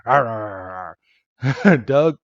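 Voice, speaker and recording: A man's voice: mid-range voice, no echo. Male podcast co-host, casual recap, slightly muffled, dry close sound. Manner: animated retelling with quick impressions of characters. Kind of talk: casual episode recap chat.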